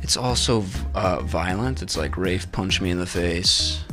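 A man's voice: low-pitched, a little slow, loud music behind the voice. A man, an actor, joking around in casual press banter with a laid-back manner and plenty of fillers.

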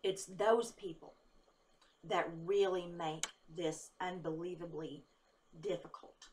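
After a long workday, a woman psychic vlogger talks casually to camera in a tired, slightly low, slightly mellow voice, steady in tone and slow. She rambles candidly, laughs easily, and swears when angered, with slight background noise behind her.

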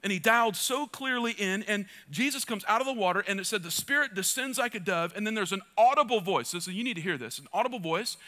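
In a passionate sermon, a middle-aged pastor speaks with a high, bright, sharp-edged voice, talking animatedly and fast with hardly any pauses. He hammers his points home through repeated phrases, swinging from loud, urgent calls to quiet, close asides.

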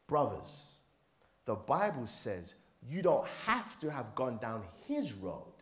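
A middle-aged man preaching a passionate sermon to a men's gathering, dropping low and quiet, then rising to shouts. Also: sing-song, unhurried.

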